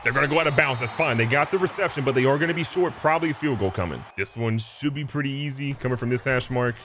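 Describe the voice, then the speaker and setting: A young man giving excited, joking commentary over a football video game, jumping to sudden high yelps when a play goes wrong. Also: fast talker, noisy background. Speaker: gaming YouTuber.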